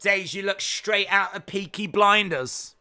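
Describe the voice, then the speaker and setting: A man's voice: a little high, expressive, a little slow, pushed and bright, smooth. An English man with a Midlands accent hosting a live watch-along stream, reading chat aloud and teasing viewers with jokes. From England. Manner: joking, teasing banter.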